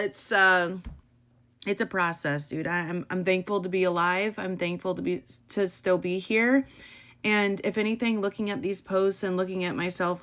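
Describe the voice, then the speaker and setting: A woman's voice: on the low side, a bit bright. A young woman from the Midwest talking candidly in a personal vlog, blunt and emotional, swearing freely and using casual slang. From American Midwest. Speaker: content creator.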